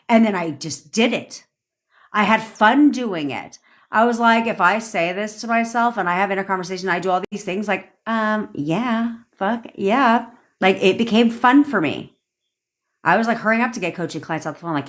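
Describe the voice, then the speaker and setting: A woman's voice: mid-range voice, expressive, moderate pace, a bit bright. A young woman coaching on manifestation in a livestream rant, blunt and profane, acting out pleading and smug inner voices.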